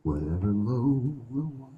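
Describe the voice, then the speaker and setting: A man's voice: medium pitch, unhurried, reverberant, far from the mic, phone-quality sound, a little hiss or hum. A man performing a live stand-up set outdoors, crude and profane, telling stories with lots of swearing. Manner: crude, profane, animated storytelling. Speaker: stand-up comedian. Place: outdoor show venue.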